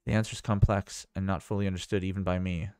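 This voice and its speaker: A man's voice: low-pitched, little pitch movement, quick pace, warm tone, clean tone, no room sound, studio quality. A man reading aloud the lines of a formal male robot librarian AI from a generated script.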